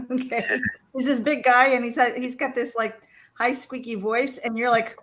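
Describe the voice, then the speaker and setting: A woman hosting a casual chat, searching for words with many pauses and laughing easily. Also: fairly high pitch, little pitch movement, background noise. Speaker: host.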